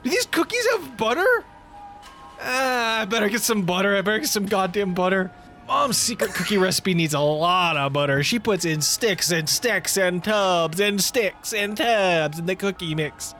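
A frantic comic voice rambles in circles, repeating phrases and cursing as it works itself up. The pitch leaps all over the place at a middling height. Clear music plays behind it. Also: lively intonation, moderate pace, a bit bright. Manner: rambling, repetitive, frantic, swears a lot. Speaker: comedic character monologue performer. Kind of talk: improvised comedic monologue.

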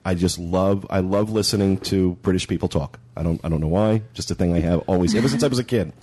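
A man's voice: low-pitched, quick pace, a little mellow. A man hosting a podcast in casual chat, talking in a chatty, rambling way. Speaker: podcast host.

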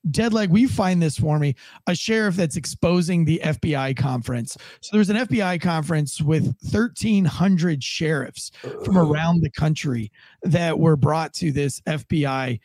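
A man's voice: a little high, moderate pace, a little mellow, no room sound. A man, a former police officer, co-hosting a podcast in a rambling, casual way with many restarts. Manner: rambling, restarts a lot, acts out quoted tones.

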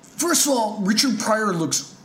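A man co-hosting a podcast in casual chat, relaxed and reflective, with some hesitation. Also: high-pitched, a little slow, slight background noise. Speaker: podcast co-host.

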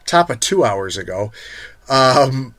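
A man co-hosting a live card stream, teasing his partner and pitching shop promotions to viewers. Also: very animated, slow pace, fairly bright tone, dry recording. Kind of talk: casual live-stream chat and promo reads.

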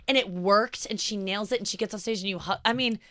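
A woman's voice: medium pitch, fast talker, pushed and bright, dry recording. A woman interviewer who gushes over her guests' answers. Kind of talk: interview chat.

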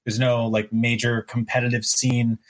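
Easygoing male co-host, average pitch, chatty. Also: level tone, normal speed. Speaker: podcast co-host. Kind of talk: casual chat.

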